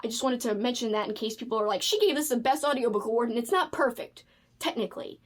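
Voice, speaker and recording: Casual book vlogger, woman, higher voice, animated and gushing. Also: fast. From United States. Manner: animated, gushing, frequent fillers. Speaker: book video creator. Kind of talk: casual chat.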